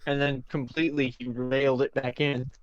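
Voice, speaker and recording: Rambling game master with a dry, dull mic. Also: male voice, mid-range voice, flat delivery, moderate pace, no room sound. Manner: rambling, laughs often. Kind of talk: casual stream chat.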